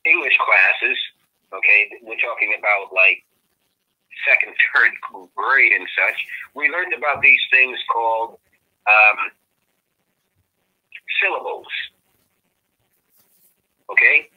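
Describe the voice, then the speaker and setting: A man giving a lecturing monologue, often pausing to ask "okay?" and restarting his sentences with fillers. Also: on the low side, husky, dull audio. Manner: repeats "okay?" to check listeners, with many restarts and fillers. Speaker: guest speaker.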